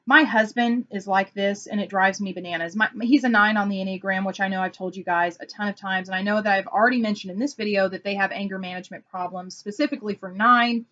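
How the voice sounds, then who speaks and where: A woman's voice: mid-range voice, dull audio. A woman consultant explaining personality types in a casual vlog, telling stories and acting out quotes. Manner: animated storytelling with acted-out quotes. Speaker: Enneagram consultant.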